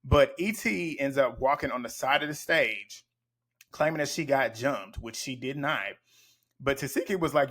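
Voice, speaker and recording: A man's voice: mid-range voice, moderate pace, a bit bright. A man giving blunt, profane play-by-play commentary as he recaps a reality TV show. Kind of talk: casual reaction commentary.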